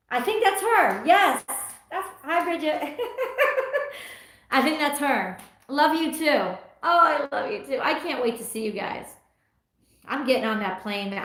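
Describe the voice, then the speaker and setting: A woman's voice: sits high, fairly bright tone. A middle-aged woman hosting a tarot livestream, chatting casually and reading viewer comments aloud with frequent laughs. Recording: echoey room.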